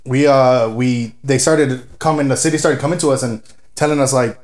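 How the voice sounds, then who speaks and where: A man from West Dallas, telling animated, profane stories as a podcast guest and laughing through them. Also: medium pitch, moderate pace, echoey room. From West Dallas, Texas. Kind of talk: casual podcast storytelling.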